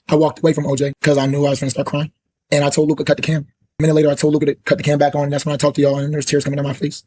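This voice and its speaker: A man's voice: fairly high pitch, a little mellow, breathy edge, dry recording. A young man with a sore throat talking earnestly and from the heart to his livestream viewers. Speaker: streamer. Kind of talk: emotional livestream talk.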